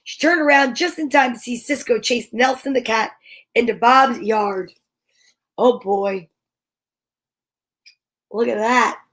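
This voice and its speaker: A woman's voice: fairly high pitch, slow, pauses often, fairly bright tone. A woman hosting a storytime, reading a picture book aloud in a playful way with comic asides. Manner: playful, chuckling at her own reading. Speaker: storytime host.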